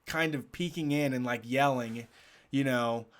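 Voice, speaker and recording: A man's voice: medium pitch, a little slow. A man on a casual talk show, telling a story with lots of swearing, laughing through parts of it. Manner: animated, profane, laughs while telling. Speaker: podcast host telling a story.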